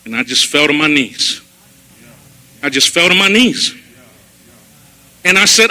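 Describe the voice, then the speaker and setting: A man giving a personal testimony sermon at a church service, telling his story in an animated way and acting out his own past words. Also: a little high, measured pace, long pauses, rough recording.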